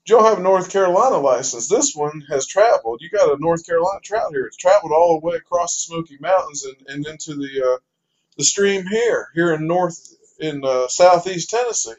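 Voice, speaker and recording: A man's voice: a little high, animated, fairly quick, natural voice. A man voicing a smug, stubborn male game warden who speaks in a drawling, officious way. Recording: dull lo-fi recording.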